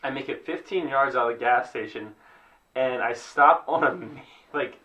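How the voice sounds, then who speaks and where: A man's voice: mid-range voice, moderate pace, bright, forceful tone, lo-fi sound. A young man co-hosting a podcast, telling a rambling story with a laugh and acting out what people said. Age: young adult. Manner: rambling, laughing, acts out quotes. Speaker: podcast co-host. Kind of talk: casual storytelling chat.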